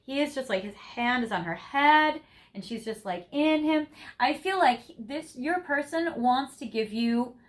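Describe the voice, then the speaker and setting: A woman's voice: high-pitched, expressive, a little slow. Gushing young woman reading tarot cards. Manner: gushing, effusive, laughs often. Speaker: tarot reader. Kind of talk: pick-a-card tarot reading to viewers.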